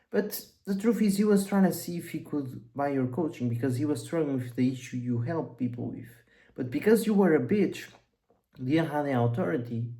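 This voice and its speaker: A man's voice: a little high, dark tone, rough recording. A young man giving a blunt, profane motivational monologue as a coach, rambling and intense.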